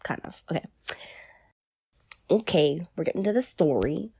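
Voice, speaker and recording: A young woman mutters and jokes her way through a script. Her voice is low and gravelly yet swoops all over the place, recorded dry and close. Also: animated, moderate pace, warm tone, no room sound. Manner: goofy, rambling, mock-dramatic. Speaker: voice actor. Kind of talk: casual commentary while reading a script.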